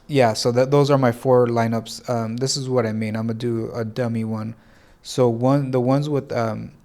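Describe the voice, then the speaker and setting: A man walks through a casual tutorial, thinking aloud and often stopping to correct himself. His voice sounds congested, with a gravelly, creaky texture at a middle pitch. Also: darkish tone. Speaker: fantasy sports tutorial host. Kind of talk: casual screen-share tutorial.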